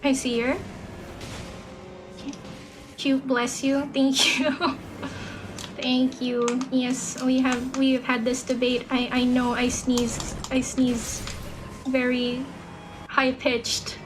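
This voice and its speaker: A woman's voice: sits high, slow pace, pauses often, music in the background, rough recording. A woman streaming a game, chatting casually, rambling and cursing at the game when it goes wrong. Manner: excitable, swears at the game, rambles. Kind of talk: casual gaming commentary.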